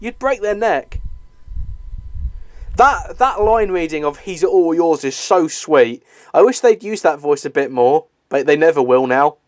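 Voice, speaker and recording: Young guy yakking over a movie, kinda high voice, dry close sound, lots of ums and swearing. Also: animated, measured pace, no echo. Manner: chatty, swears, laughs often, hesitant fillers. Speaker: movie commentary host. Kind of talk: casual movie commentary.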